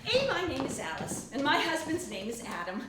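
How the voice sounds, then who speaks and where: A woman's voice: high voice, big pitch swings, moderate pace, over loud music. A woman performing a comic stage monologue as a chatty, unbothered woman who lists her tangled relationships in a breezy, matter-of-fact way. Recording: very echoey stage with noise.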